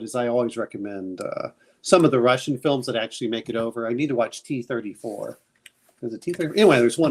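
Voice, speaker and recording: A man hosting a casual chat, rambling through recommendations with many fillers and restarts. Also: medium pitch. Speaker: podcast host.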